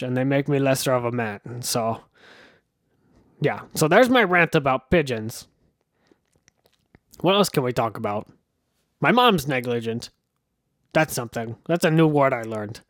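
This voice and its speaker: A man's voice: a little high, fairly bright tone, dry recording, clean studio sound. A man hosting a comedy podcast, rambling through silly stories in a stammering, laughing manner. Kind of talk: comic rambling monologue.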